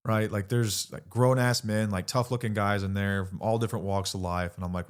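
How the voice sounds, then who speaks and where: A middle-aged man with a low-pitched voice hosts a candid talk. He is blunt and earnest, pushes his point hard, and swears casually as he goes. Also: fairly even intonation, brisk, few pauses. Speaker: podcast host.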